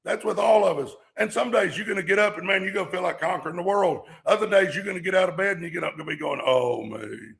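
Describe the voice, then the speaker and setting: A man delivering a fired-up motivational talk on his livestream podcast, preaching and hammering home catchphrases. His voice sits a bit high, with a forceful, tense brightness and a gravelly rasp. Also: fast, few pauses. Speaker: podcast host.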